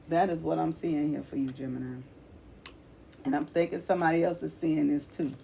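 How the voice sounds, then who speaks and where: A woman's voice: low-pitched, brisk, creaky, mellow, slight background noise. Blunt, swearing tarot reader woman. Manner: blunt, swears freely, calls listener honey; emphatic, repeats phrases. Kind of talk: casual tarot reading.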